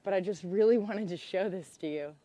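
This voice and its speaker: A woman hosting an outdoor livestream, talking excitedly into a handheld camera by a public road. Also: medium pitch, brisk. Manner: excitable, exclaims often. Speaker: livestream host.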